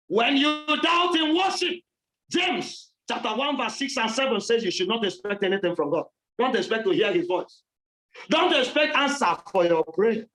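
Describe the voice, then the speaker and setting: A man with a Nigerian accent preaching a fervent sermon in church, often shouting in repeated rising phrases. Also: extremely high pitch, lively intonation, normal speed, low-quality recording.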